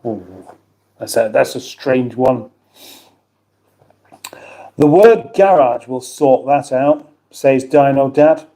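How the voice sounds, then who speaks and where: A man's voice: mid-range voice, takes it slowly, pauses often, warm tone. A middle-aged British man hosting a casual livestream, chatting in a rambling, self-mocking way and reading out viewer comments. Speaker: livestream host.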